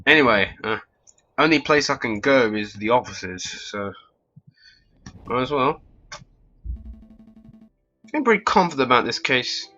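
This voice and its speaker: A man's voice: mid-range voice, big pitch swings, a little slow, pauses often, pushed and bright, soft background music. Wry man casually playing a game. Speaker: let's play host. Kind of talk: casual game commentary and reading. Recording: dull lo-fi recording.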